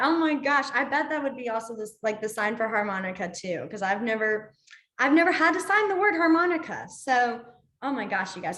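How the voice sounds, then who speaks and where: A woman's voice: fairly high pitch, fairly bright tone, reverberant. A young woman teaching a sign language class online, chatty, apologetic and easily sidetracked, laughing often.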